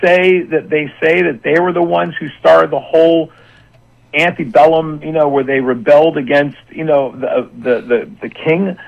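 A man's voice: a little high, steady tone, moderate pace, vocal fry, highs cut off. Rambling voice-actor man chatting on air. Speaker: voice actor guest. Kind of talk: casual radio chat.

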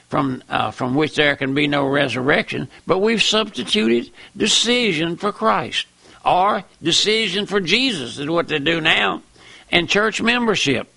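An older man preaching a fiery sermon, with impassioned, repetitive emphatic calls and a gravelly voice. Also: fairly high pitch, sharp tone, no echo.

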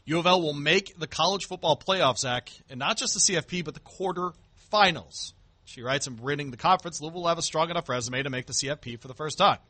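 Fast-talking, bright-voiced sports radio host, lively and emphatic, dry studio sound. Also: male voice, fairly high pitch, dry recording. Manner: animated, emphatic. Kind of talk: sports talk banter.

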